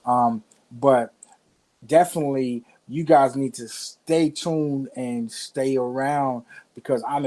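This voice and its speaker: A man's voice: mid-range voice, mellow, poor audio. A man with a Southern country accent co-hosting a church sermon recap in a laid-back, folksy way. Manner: laid-back, folksy, conversational, says "man" and "you know". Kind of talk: casual church recap talk.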